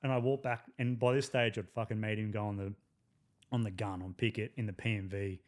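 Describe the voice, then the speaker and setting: A man's voice: lowish voice, a little fast. An Australian man telling army stories as a podcast guest, swearing freely and breaking into laughter. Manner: profane, animated storytelling with laughs. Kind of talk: casual storytelling.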